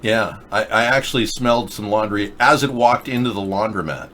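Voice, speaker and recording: A man's voice: lowish voice, normal speed, fairly bright tone, a little hiss or hum. A man hosting a casual livestream chat show, rambling and sarcastic as he scolds chat users. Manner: rambling, sarcastic, mocking chatters. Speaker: political talk show host. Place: in the US Pacific Northwest.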